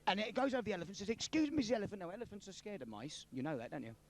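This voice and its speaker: A man telling crude jokes in a pub, animated and laughing at his own lines. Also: high voice, racing. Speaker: joke teller.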